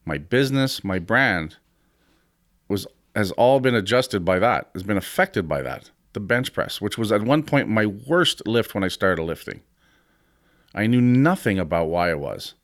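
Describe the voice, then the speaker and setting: A man's voice: lowish voice, sing-song, unhurried, no echo, clean studio sound. A man in his fifties hosting a podcast, talking frankly and with some swearing about confidence and training. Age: 50s. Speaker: podcast host and gym owner. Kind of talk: casual podcast talk.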